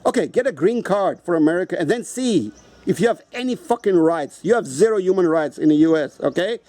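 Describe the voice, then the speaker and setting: Speaking warmly but angrily, this South African video host delivers a profane rant straight to camera, his high-pitched voice animated and a little fast with no room sound. He keeps repeating himself while confronting the person he's talking to.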